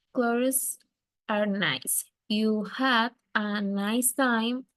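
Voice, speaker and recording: A woman, a student, reading a text aloud carefully and haltingly, with small slips. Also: mid-range voice, no room sound.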